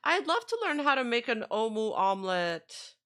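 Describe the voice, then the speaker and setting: A woman's voice: a little high, very animated, moderate pace, pushed and bright. A woman streamer in casual chat, rambling and trailing off as she reacts to videos. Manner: chatty, rambling, trails off mid-sentence.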